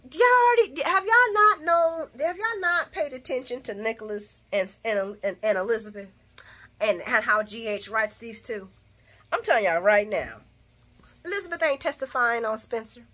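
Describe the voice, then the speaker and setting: Woman vlogger, animated and opinionated, bright high voice, talks to viewers like friends. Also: normal speed. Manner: animated, opinionated, laughs often; speaks to viewers as y'all. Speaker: soap opera recap host. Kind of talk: casual chatty recap.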